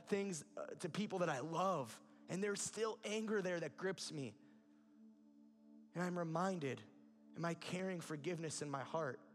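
Earnest guy preaching, kinda higher voice, gets emphatic. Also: vocal fry. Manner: earnest, rises to emphatic peaks. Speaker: pastor. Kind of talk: sermon.

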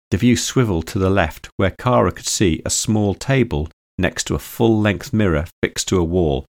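A male audiobook narrator with a deep, low voice, reading in a steady and even way. The recording is close and dry, with no room sound. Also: normal speed, hardly any pauses, no room sound. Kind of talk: audiobook storytelling.

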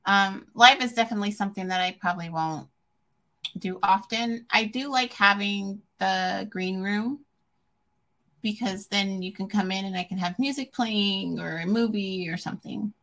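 A podcast host in her forties chats casually, candid and emotional, often saying "um" and restarting her sentences. Her voice is medium-pitched, pushed, and bright, at a normal speed.

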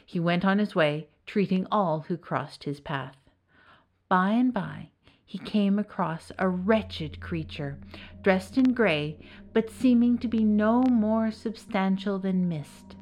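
A woman narrating a serialized folk tale with lively, expressive storytelling. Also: medium pitch, slow. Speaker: narrator and author.

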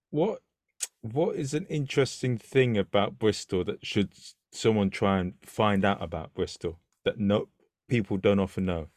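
A man's voice: lowish voice, darkish tone, dry recording, clean studio sound. A man hosting a casual interview, asking questions with lots of stumbling restarts. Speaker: interview host.

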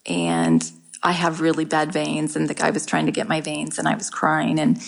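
A middle-aged woman talking candidly in an interview, halting often and restarting her sentences. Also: low voice, gravelly. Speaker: guest sharing her cancer story. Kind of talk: casual interview talk.

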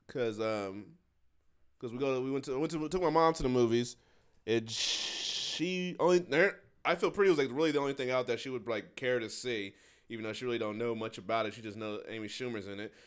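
A man's voice: mid-range voice, brisk, clean tone. A man co-hosting a casual chat about movie ratings, laid-back and slangy, laughing often. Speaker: podcast co-host.

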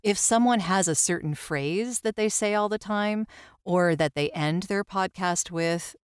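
A woman's voice: mid-range voice, unhurried, clean tone, dry recording, clean studio sound. A woman hosting a podcast interview, chatting in an agreeable way with many short affirmations. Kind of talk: casual interview talk.

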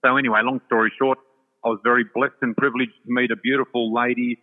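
A man's voice: mid-range voice, flat delivery, fast talker. An older Australian man, a psychic guest, telling his story in an effusive, chatty way with many fillers. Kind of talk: casual storytelling chat. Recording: tinny phone-like line with long reverb.

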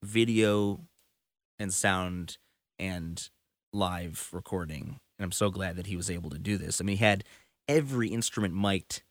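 A man's voice: low-pitched, a little slow, no echo. A man, a touring musician, telling stories in casual conversation, rambling and full of fillers. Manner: rambling storyteller, many fillers.

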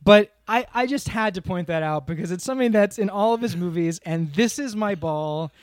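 A man's voice: high voice, brisk, no echo. A man co-hosting a podcast with his brother, chatting casually about a film in a rambling, self-interrupting, amused way. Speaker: podcast co-host. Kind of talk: casual movie-review chat.

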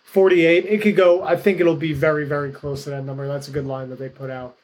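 A man's voice: on the high side, flat delivery, fairly quick, a little mellow. A man co-hosting a casual sports betting podcast, talking in a chatty, rambling way full of "like" and "you know.". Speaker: podcast co-host picking games.

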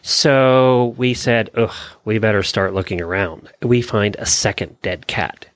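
A man co-hosting a podcast, telling a story in a chatty way with quick restarts and easy chuckles. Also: fairly low pitch, fairly even intonation, dry recording. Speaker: podcast co-host. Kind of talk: casual chat and anecdote.

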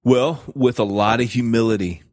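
A man co-hosting a podcast, talking in an animated, joking way with many restarts and fillers. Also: medium pitch, moderate pace, no echo, studio quality. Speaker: podcast co-host. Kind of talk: casual podcast chat.

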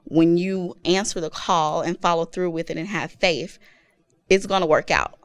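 A woman's voice: lowish voice, moderate pace, clear, resonant tone. A woman guest on a faith-based podcast, sharing an earnest, reflective testimony.

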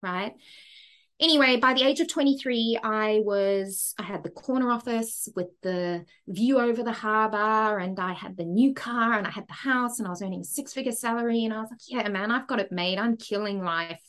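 A woman's voice: a little high, normal speed. Frank woman telling her story. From Zimbabwe. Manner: frank and lively, with frequent asides and "right?". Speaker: podcast guest. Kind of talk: candid personal storytelling.

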